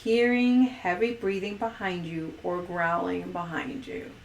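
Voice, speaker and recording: A woman's voice: on the low side, little pitch movement, a little slow, slight background noise. Giggly female stream host, casual and playful, echoey room. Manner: playful, giggly, reads poll questions aloud. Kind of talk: casual livestream chat.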